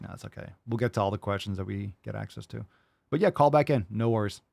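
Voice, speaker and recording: A man's voice: lowish voice, quick pace, gravelly, darkish tone, no echo, studio quality. A man hosting a live call-in podcast, answering listener questions in a loose, rambling way, swearing freely and filling his talk with "like" and "you know.". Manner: loose, rambling and profane, with many fillers.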